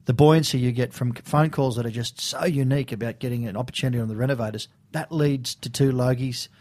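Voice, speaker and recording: A man hosts a podcast from a studio, talking fast with a mid-range voice. He is effusive and enthusiastic toward his guest. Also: medium pitch, steady tone, a little mellow. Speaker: podcast host. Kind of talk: podcast interview hosting. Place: radio studio.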